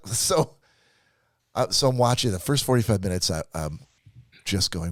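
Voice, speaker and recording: A man's voice: fairly low pitch, expressive, unhurried, long pauses, no room sound, studio quality. A man co-hosting a podcast, ranting and laughing through a profane movie review in casual chat. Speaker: podcast co-host.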